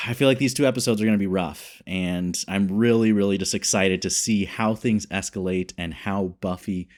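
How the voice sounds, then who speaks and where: Excited man reacting with a low voice. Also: moderate pace. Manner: excited, thinking aloud. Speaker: reaction video host. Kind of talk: casual reaction commentary.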